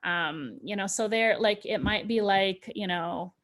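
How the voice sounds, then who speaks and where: A woman's voice: mid-range voice, unhurried, a bit bright. A woman presenting a parenting workshop in a loose, chatty way, with lots of "you know" and restarts. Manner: chatty, full of fillers and restarts. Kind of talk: informal talk to parents.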